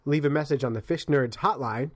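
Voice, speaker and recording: This podcast co-host has a mid-range male voice, talks a little fast, and is recorded with no room sound. In casual chat he tells stories with lots of energy, imitates frogs screaming, and laughs often.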